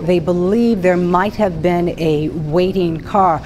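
A woman reporter giving a news report in a measured, factual way. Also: on the low side, steady tone, a little mellow, slight background noise.

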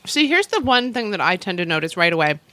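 A woman's voice: on the low side, big pitch swings, fast, sharp tone, no room sound. Chatty woman talking with her mouth full. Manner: chatty, eating while talking. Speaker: co-host. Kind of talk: casual food chat.

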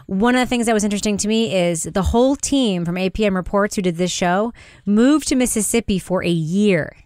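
A woman hosting a podcast discussion, talking in a chatty, quick way and laughing often. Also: mid-range voice, a little mellow, no echo, studio quality. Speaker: podcast host.

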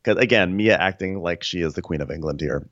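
A man's voice: low voice, brisk, dry recording. Wry man recapping with dull audio. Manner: wry, animated storytelling. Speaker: podcast co-host. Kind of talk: comedic recap chat.

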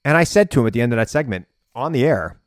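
A man hosting his own podcast, telling a story in a casual, animated way, sometimes yelling for effect. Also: mid-range voice, fast, dry recording, studio quality. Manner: animated storytelling, bursts of yelling when reenacting. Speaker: podcast host and political commentator. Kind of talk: casual solo podcast monologue. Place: home basement studio.

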